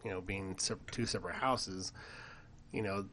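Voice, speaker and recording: A middle-aged man co-hosting a podcast, telling family stories in casual chat and getting animated when he quotes his kids. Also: low voice, normal speed, a little hiss or hum. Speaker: podcast co-host.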